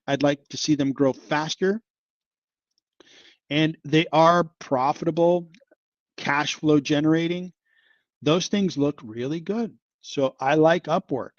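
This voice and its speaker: A man's voice: on the high side, no room sound, dull audio. Chatty man riffing on stocks. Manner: chatty, exclaims and sighs over the market. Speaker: investing channel host. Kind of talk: casual livestream market commentary.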